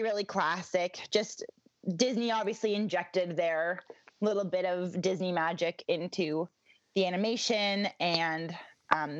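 A woman's voice: on the low side, dry recording. Woman rambling casually on a podcast, tons of ums and restarts, dry muffled recording. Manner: chatty, many ums and restarts, laughs easily. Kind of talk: casual chat. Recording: dry, slightly muffled sound.

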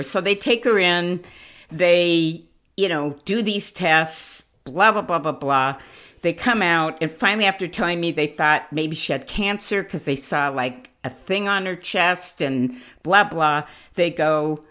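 A woman guest on a chat podcast, telling a rambling, animated anecdote and acting out the other people's lines. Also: fairly low pitch, a little slow. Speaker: manager, phone-in guest. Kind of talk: casual storytelling. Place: her own home.

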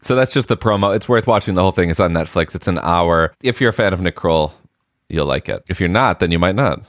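A man co-hosting a podcast, relaxed and a little hesitant as he introduces a clip. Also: deep voice, fast talker, no echo, studio quality. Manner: relaxed, hesitant with 'um' and 'uh'. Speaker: podcast co-host. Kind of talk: casual chat.

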